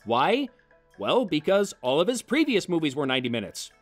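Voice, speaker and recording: Sarcastic male reviewer, fairly high voice that leaps around, scripted comedy commentary. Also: very animated, moderate pace, faint music behind. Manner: sarcastic, exasperated. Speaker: film reviewer.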